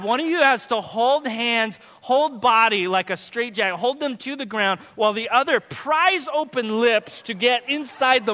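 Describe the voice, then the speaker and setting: A man in his thirties preaching a sermon as pastor, telling funny, animated family stories. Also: very high-pitched, long reverb tail. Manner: animated, humorous storytelling. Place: church sanctuary.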